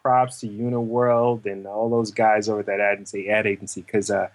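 A male actor talking casually in an interview, telling stories and acting out the other people's voices. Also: brisk. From lived in New York. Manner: animated, acts out quoted voices in higher pitch. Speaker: actor guest.

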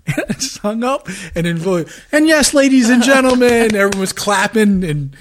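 A middle-aged man co-hosting a podcast in casual chat, a rambling storyteller who gets animated and laughs often. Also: sits high, normal speed. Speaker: podcast co-host.

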